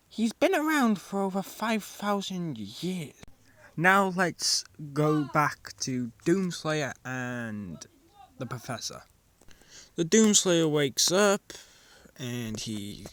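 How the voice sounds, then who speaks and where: A man spins a rambling, made-up fan story out loud. He talks slowly, in a slightly higher voice than most men. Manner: rambling, improvised storytelling with restarts. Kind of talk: casual spoken fan fiction.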